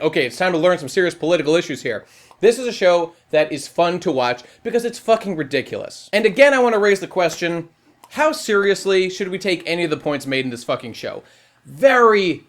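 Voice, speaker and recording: A man ranting through a casual review in a fairly high voice that swings up and down a lot. He swears freely, leans on filler words, and keeps a wry, opinionated edge throughout. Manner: profane, wry, animated rant with frequent filler "like". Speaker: online video reviewer.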